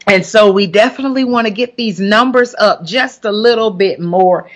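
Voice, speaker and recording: A woman's voice: mid-range voice, normal speed. Chatty Southern woman in her forties. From Alabama, US. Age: 40s. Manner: chatty, warm greetings to listeners, upbeat. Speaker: host and pastor. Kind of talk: casual live broadcast chat.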